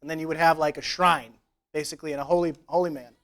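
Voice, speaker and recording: A man's voice: on the high side, steady tone, fast, a bit bright. A man preaching a conversational sermon in church, retelling scripture with casual, joking asides. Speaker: pastor. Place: church service.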